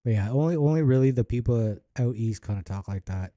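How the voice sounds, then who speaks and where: A Canadian man with a soft Ontario accent, rambling casually as he reacts to clips and searches for words. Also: mid-range voice, animated, a little fast, no echo, lo-fi sound. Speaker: reaction video host.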